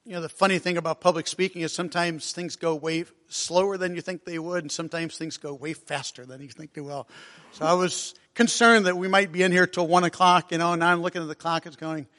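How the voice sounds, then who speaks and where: Earnest male preacher, high voice, slow heartfelt sermon, long hall reverb. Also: fairly even intonation, bright, forceful tone. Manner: earnest, emotional, reads hymn lines slowly.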